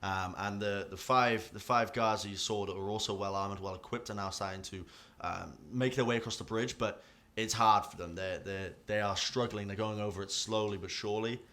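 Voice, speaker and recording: A man's voice: on the low side, steady tone, brisk, fairly bright tone. A man narrating a tabletop game as dungeon master, describing scenes with frequent fillers.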